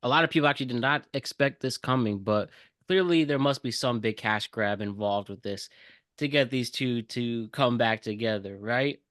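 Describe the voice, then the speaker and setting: Bright, crisp-voiced podcast co-host man. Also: mid-range voice, normal speed, no room sound, studio quality. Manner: lively, delivers news-style rundowns. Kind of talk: casual chat.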